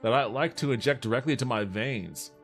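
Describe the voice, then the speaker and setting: A man with a medium-pitched voice talks a little fast as he banters with his livestream audience, reading out their messages and replying. His easygoing talk is peppered with swearing, and soft music plays faintly underneath.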